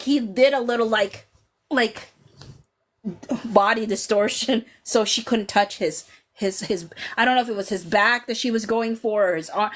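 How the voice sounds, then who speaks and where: A woman in her thirties with a medium-pitched voice hosts a casual live stream podcast, reading and answering the chat as she goes. She's animated and chatty, padding her speech with "like" and "you know," and slips into dramatic quotes from the scenes she describes.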